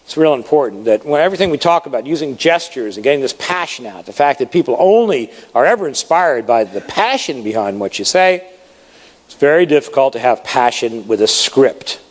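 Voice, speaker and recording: A man coaching an audience on presenting, talking in a lively, conversational way and stressing words to make his points. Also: mid-range voice, brisk, in a large hall. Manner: animated, conversational, demonstrates with emphasis. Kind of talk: live seminar talk.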